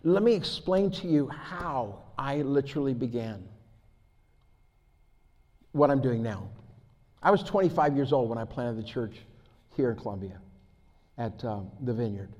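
A man preaching a sermon as pastor, telling stories that build from quiet to loud and excited, laughing along the way. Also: medium pitch, unhurried, long pauses. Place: church hall. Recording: long hall reverb.

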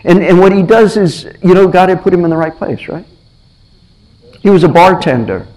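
A man's voice: sits high, moderate pace, rough recording. A man preaching a sermon, telling stories with energy and acting out the lines of the people in them, often repeating his words. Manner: animated storytelling, acts out voices, repeats himself.

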